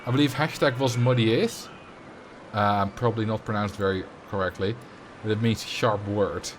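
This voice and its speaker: Speaking at a normal speed in a lowish voice, this Dutch-accented man from the Netherlands streams a game and chats casually. He reacts to chat and rambles with fillers, and there's slight noise in the background.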